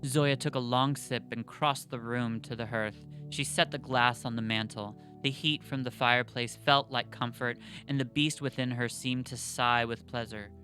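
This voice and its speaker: A man co-hosting a podcast in casual chat, excitable and rambling, full of fillers. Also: mid-range voice, normal speed, few pauses, faint music behind. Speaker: podcast co-host.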